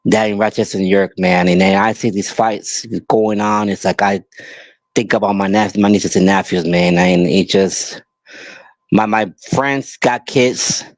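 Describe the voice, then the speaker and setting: Slow, impassioned male podcast host. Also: lowish voice, fairly even intonation, dry recording. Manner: emphatic, repetitive, pleading. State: angry. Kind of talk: impassioned monologue.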